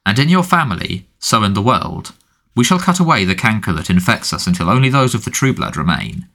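A man voicing a cold, menacing male dark lord who speaks quietly and with contempt. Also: on the low side, big pitch swings, brisk, exaggerated voice.

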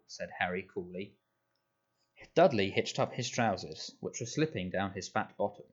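A man narrating a children's novel in measured, scripted storytelling. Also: lowish voice, muffled recording. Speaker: audiobook narrator.

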